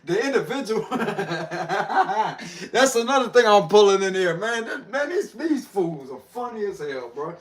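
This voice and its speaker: A man's voice: high-pitched, big pitch swings, unhurried. A man doing a casual livestream tarot reading, slangy and laughing often as he talks to viewers. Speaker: tarot reader.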